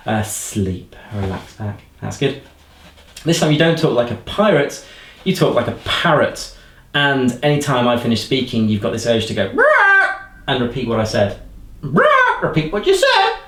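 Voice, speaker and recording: A man gives playful hypnotic suggestions at a mid pitch, slowing into commanding countdowns. His voice carries a roomy echo. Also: huge pitch swings.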